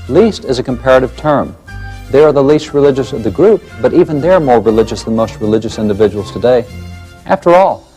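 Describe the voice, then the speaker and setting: A man's voice: mid-range voice, a little mellow. A man presenting a documentary lecture, emphatic and fond of rhetorical questions.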